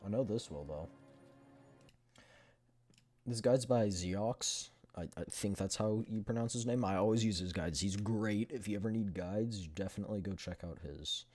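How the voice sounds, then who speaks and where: A man with a fairly low voice talks casually to his chat while he plays, mumbling half to himself. Game music plays clearly behind him. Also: moderate pace, a little mellow. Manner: chatty, self-mumbling, addresses chat. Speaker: game streamer. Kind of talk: casual gameplay commentary.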